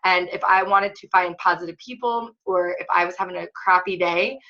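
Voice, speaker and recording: A woman's voice: on the low side, a little fast, sharp tone, highs cut off. A woman fitness coach leading a casual online training webinar, chatty and upbeat with lots of filler words.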